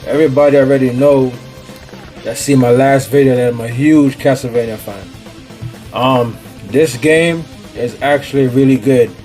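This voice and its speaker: A man's voice: medium pitch, normal speed, darkish tone, faint music behind. A man with a Jamaican accent, chatting casually as host of his own gaming vlog in a laid-back, slangy way. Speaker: gaming YouTuber.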